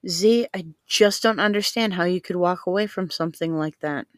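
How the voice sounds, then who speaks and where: A woman's voice: lowish voice, normal speed, dry recording, clean studio sound, lightly acted. Woman reading as a blunt, protective spy father. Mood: persistent. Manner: blunt, persistent. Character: protective middle-aged father, a spy handler.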